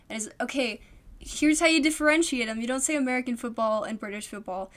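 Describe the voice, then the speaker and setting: A woman's voice: a little high, fast, fairly bright tone. A woman co-hosting a podcast in casual chat, rambling with many ums and frequent giggles. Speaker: podcast co-host.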